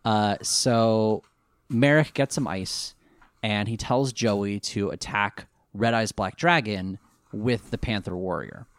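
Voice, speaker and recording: A man co-hosting a casual recap chat, jokey and animated, breaking into goofy voices. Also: on the low side, slow pace, no echo, clean studio sound. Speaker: podcast co-host recapping an anime.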